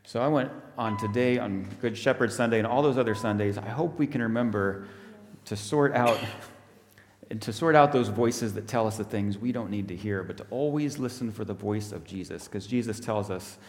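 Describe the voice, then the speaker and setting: A man's voice: on the low side, normal speed. A man, a minister giving a friendly children's talk during a church service. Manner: friendly, explaining. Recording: echoey church hall.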